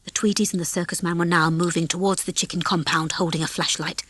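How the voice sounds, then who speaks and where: A woman reading a children's storybook aloud as narrator, in a lively, expressive way on a close mic. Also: fairly low pitch, fast, a little hiss or hum. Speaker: audiobook reader. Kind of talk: scripted narration.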